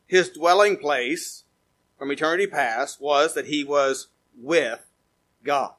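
A man preaching a sermon in a fairly high voice. He reads scripture aloud and explains it, rising to emphatic peaks and then falling back to quiet, low phrases. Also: slow. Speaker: pastor.

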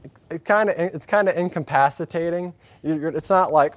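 A man preaches earnestly and candidly, hammering points home with repeated phrases and dropping self-deprecating asides. His voice is a little high and brisk, with no room sound.

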